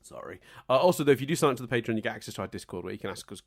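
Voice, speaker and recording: A man's voice: lowish voice, animated, very fast. A man hosting a podcast in casual, jokey, chatty talk. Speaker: podcast host.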